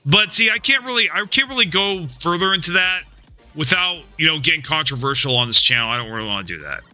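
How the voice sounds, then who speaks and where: Soft music plays behind a fast-talking man whose voice is on the high side, sharp, and expressive. He's casually chatting on a live game stream, rambling, cursing in frustration, restarting sentences, and tagging them with "man" and "dude."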